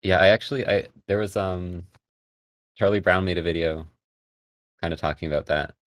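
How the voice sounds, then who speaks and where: A man talks as a podcast guest in a soft, hesitant way, filling pauses with likes and ums. His voice is very low. The recording is close and dry. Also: no room sound. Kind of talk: casual chat.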